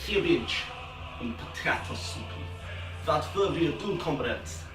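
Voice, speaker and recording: A man's voice: a little high, expressive, measured pace, pitched above the performer's own voice. A man putting on a Russian communist cooking host. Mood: mock-proud. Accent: put-on Russian. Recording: roomy echo, distant mic, music behind.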